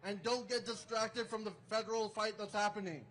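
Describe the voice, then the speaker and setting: A man speaking forcefully at an outdoor protest rally, leading chants and introducing the next speaker. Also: sits high, fairly even intonation, brisk, slight background noise, low-quality recording. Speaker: rally emcee.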